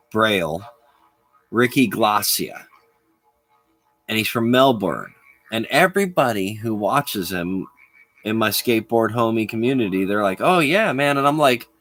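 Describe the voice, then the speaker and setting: A man's voice: medium pitch, fairly bright tone, no echo. A man chatting with viewers on a live stream, rambling and laughing often. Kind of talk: casual live-stream chat.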